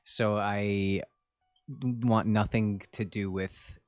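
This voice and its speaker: A man's voice: fairly low pitch, little pitch movement, extremely slow, clean tone, soft background music. A young man streaming a game, chatting casually with viewers in a joking, self-mocking way. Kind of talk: casual live-stream chat while gaming.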